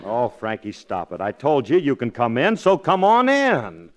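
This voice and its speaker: A man playing a folksy, excitable and flustered husband in a 1940s radio sitcom. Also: mid-range voice. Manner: folksy and excitable, quick to laugh. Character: easygoing, flustered husband, a bandleader. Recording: noisy old radio broadcast.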